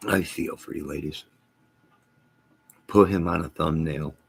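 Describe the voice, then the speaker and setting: A middle-aged man hosting a casual livestream, reading viewer comments aloud, rambling and joking deadpan with sudden loud outbursts. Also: unhurried. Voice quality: gravelly, husky low voice.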